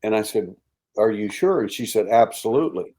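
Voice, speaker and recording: An older man, a guest in an interview, tells a story with animated delivery, acting out quoted voices and dropping to a hushed tone. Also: on the low side, fairly quick.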